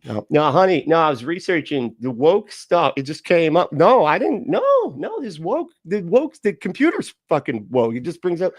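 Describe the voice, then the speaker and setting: A flustered man blurts out frantic excuses, his voice jumping high as he stammers denials, as a man puts him on. The sound is dry and close, with a gravelly edge. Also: sing-song, normal speed, hardly any pauses. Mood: panicky.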